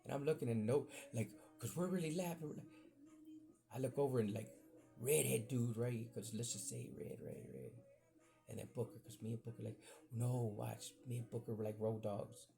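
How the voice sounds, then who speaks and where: Man, gravelly voice, casual podcast storyteller, rambling and animated with salty asides. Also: medium pitch, moderate pace, soft background music.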